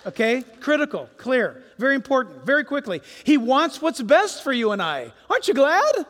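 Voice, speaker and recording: A man preaching a sermon as pastor in a church, animated and firing rhetorical questions at his congregation. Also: extremely high pitch, normal speed. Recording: long hall reverb.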